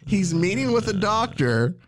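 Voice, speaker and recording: A man's voice: high-pitched, very animated, normal speed. A man hosting a podcast in casual chat, telling a comic book story step by step. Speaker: podcast host.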